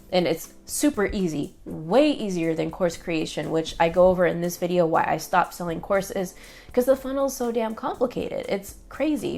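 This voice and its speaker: A woman's voice: lowish voice, creaky, a little mellow. A woman talking to camera in a casual vlog, chatty and upbeat, with lots of fillers and quoted asides. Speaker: online business creator.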